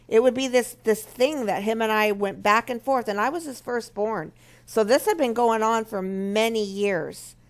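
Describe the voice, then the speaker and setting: A woman speaking for a marriage ministry, earnestly telling a personal story and teaching from it. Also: a little high. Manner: earnest, storytelling, acts out remembered quotes. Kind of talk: personal testimony and teaching talk.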